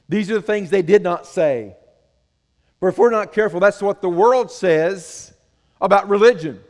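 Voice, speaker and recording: A man's voice: high-pitched, lively intonation, moderate pace, a little mellow, in a large hall. A man preaching a sermon as pastor, earnest and conversational, asking the congregation questions.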